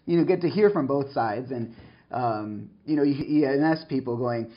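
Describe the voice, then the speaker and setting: A man hosting an interview, relaxed and chatty, prompting his guest with questions. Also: mid-range voice, moderate pace. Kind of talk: conversational interview. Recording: dull lo-fi recording.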